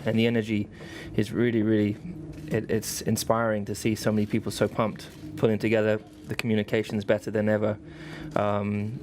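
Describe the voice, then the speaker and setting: Driver guy, lowish flat voice, earnest, says really really a lot. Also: background noise. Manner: earnest, repetitive emphasis. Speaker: racing driver. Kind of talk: press conference answers.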